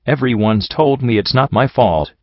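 A man's voice: medium pitch, moderate pace, no echo, natural voice. A man voicing a grieving young pegasus mare who speaks with bitter, pained weariness. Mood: hurt, bitter. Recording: dull lo-fi recording.

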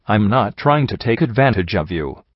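A man's voice: on the low side, very animated, moderate pace, no echo, lo-fi sound. A man reading the part of a young male pony who sputters and protests while haggling. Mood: flustered. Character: flustered young stallion pony, haggling scavenger.

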